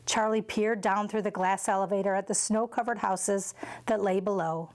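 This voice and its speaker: A woman reading a children's novel aloud for a school, with clear, steady storytelling. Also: medium pitch, normal speed. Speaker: school read-aloud reader.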